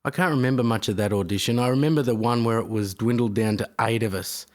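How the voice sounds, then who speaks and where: A man's voice: mid-range voice, fast. A man co-hosting a podcast in a laid-back way, often saying "mate" and laughing. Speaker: podcast co-host. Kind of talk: casual podcast chat.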